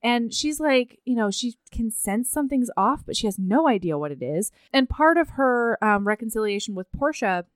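A woman's voice: fairly high pitch, moderate pace, few pauses, smooth, no echo, studio quality. Woman animatedly retelling a romance plot. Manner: animated storytelling, acts out characters' lines. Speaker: book podcast co-host. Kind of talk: casual chat recapping a book.

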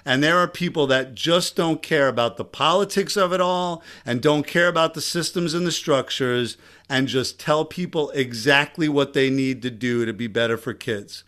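A man with a Long Island accent hosting a casual, energetic podcast conversation. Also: on the high side, normal speed, smooth. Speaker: podcast host.

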